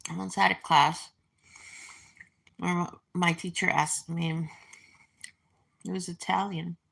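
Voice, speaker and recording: A woman's voice: fairly low pitch, flat delivery, slow, vocal fry, fairly bright tone, breathy edge. A woman in her forties talking to camera in a casual, meandering way, reminiscing with many fillers and restarts. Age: 40s. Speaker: vlogger. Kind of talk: casual rambling monologue.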